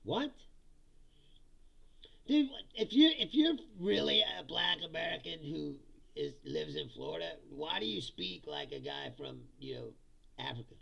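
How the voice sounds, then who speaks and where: Hosting a political comedy livestream, this man mocks commenters from the chat with profane humor and frequent laughter. His voice sits a little high, swings hugely in pitch, and sounds gravelly yet fairly bright, delivered at a measured pace. The recording is dull and lo-fi.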